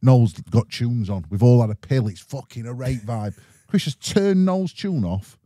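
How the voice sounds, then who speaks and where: A man's voice: mid-range voice, lively intonation, moderate pace, dark tone, no echo, studio quality. A man with a Sheffield accent telling rowdy, sweary anecdotes in a casual podcast chat and acting out the voices in them. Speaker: guest musician.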